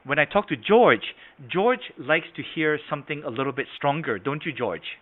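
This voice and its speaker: Over a video call with tinny, phone-like audio, a man runs an online sales training, calling on participants by name and asking "right?" and "okay?" He moves between a soft and a strong tone to illustrate his points, speaking at a moderate pace with a somewhat high voice and lively intonation.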